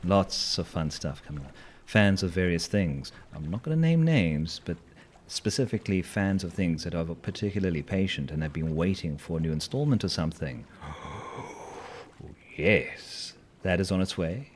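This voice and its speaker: Deep-voiced, hoarse male streamer. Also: expressive, moderate pace, few pauses. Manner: playful, rambling, with silly sing-song asides. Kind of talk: casual chat while live-streaming a game.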